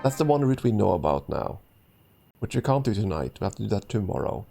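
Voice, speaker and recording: A man's voice: fairly low pitch, big pitch swings, brisk, vocal fry, music in the background. A man streaming a let's play, chatting casually and reading a story game's text aloud with frequent ums, restarts and chuckles.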